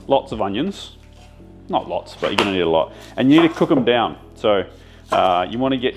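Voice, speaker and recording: A man with a low, gravelly voice talks through a home cooking session in a relaxed, easygoing way. He explains each step casually, with faint music playing behind him. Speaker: home cook and co-host. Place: home kitchen.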